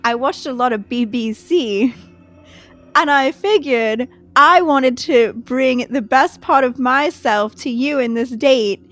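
A woman's voice: sits high, slow pace, a bit bright, faint music behind. A woman imitating an earnest young woman who speaks with a put-on English accent.

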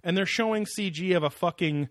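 A man's voice: high-pitched, fairly quick, no room sound, studio quality. A man co-hosting a casual podcast, rambling and sarcastic, with frequent laughter. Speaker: podcast co-host. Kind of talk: casual chat.

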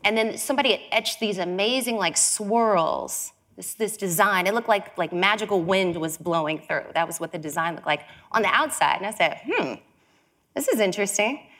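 Animated woman telling a story onstage. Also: medium pitch, moderate pace. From Chicago. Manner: animated, acts out quoted voices. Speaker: speaker giving a talk. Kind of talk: storytelling talk.

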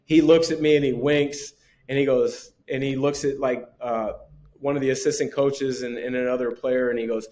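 A man in his forties, formerly a professional basketball player, swaps lively tales on a podcast and laughs softly often. His mid-range voice moves at a normal speed as he tells casual stories.

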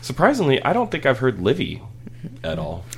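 A man's voice: mid-range voice, wildly swooping pitch, fairly quick, fairly bright tone, a little hiss or hum. A man in his thirties chatting casually on a podcast, rambling and laughing through family stories. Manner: rambling, laughing, with many restarts. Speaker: podcast host. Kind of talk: casual storytelling chat.

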